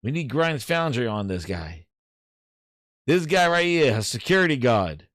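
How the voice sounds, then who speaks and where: A man hosting a casual gaming show, excitable and slangy, often breaking into laughter while he reacts. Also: medium pitch, measured pace, dry recording, clean studio sound. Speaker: host. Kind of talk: casual live-show commentary.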